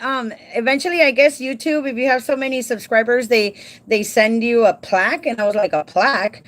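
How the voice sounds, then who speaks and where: A woman's voice: on the high side, fairly quick, a bit bright. A woman in her forties, a livestream host chatting casually with viewers by name and explaining timesheets, now and then dropping into Spanish. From Southern California. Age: 40s. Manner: folksy instructional explaining.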